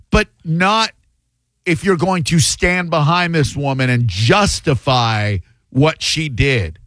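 Animated talk radio host, man. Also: a little high, no echo. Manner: animated, joking, quick banter. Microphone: studio microphone.

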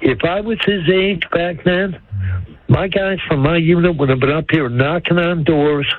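A man's voice: a little high, measured pace, no room sound. An older man calling in to a radio show, talking in a folksy, rambling way. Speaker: caller. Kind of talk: phone-in call. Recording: tinny phone line.

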